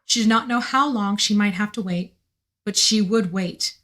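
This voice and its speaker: Her voice is mid-range, slightly hoarse, and fairly bright in tone as she reads a novel aloud for a live stream. She goes slowly and sprinkles in chatty asides.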